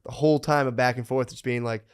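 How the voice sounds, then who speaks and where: A man in his thirties co-hosting a podcast, telling excitable, crude stories full of swearing. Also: medium pitch, quick pace, smooth. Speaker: podcast co-host. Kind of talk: casual chat.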